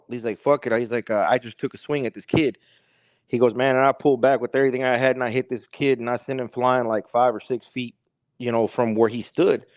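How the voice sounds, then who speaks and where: Male podcast guest, rambling storyteller, mid pitch, dry close sound. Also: no room sound. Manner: rambling, repeats "he's like" and "he goes". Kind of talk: casual storytelling.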